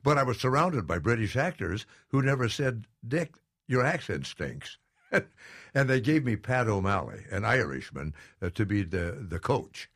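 A man's voice: lowish voice, expressive, normal speed, fairly bright tone, dry recording, studio quality. An older man chatting as an interview guest, self-deprecating and laughing often. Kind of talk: casual interview chat.

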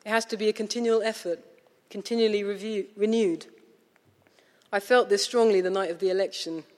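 A woman with a posh English accent, a novelist reading a prepared lecture in a measured, wry, literary manner. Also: mid-range voice, fairly even intonation, a little mellow. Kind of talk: prepared lecture read aloud. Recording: long reverb of a lecture hall.

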